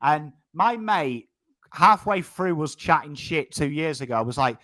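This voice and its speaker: English man with a higher voice, dry sound. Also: normal speed, no room sound. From England. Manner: animated storytelling, swears freely. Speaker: co-host. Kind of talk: casual chat.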